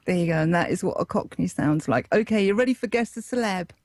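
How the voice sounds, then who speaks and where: A woman running a casual quiz, brisk and teasing with the players. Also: lowish voice, expressive, a little mellow, no room sound. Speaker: quiz presenter.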